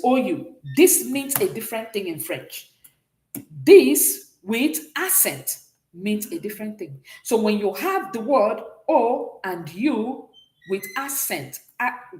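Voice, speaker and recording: A woman teaches a beginners' French lesson, her voice rising and falling as she explains each point. She pauses often to ask whether the students follow. The recording has the echo of a bare room. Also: mid-range voice. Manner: explanatory, checks understanding often. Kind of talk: classroom lesson.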